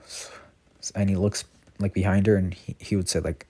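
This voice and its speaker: Deep-voiced man rambling a fan story. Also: flat delivery, fairly quick, dark tone, no echo. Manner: rambling, constant "like" fillers, self-corrections. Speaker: channel host. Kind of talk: casual fan-story retelling.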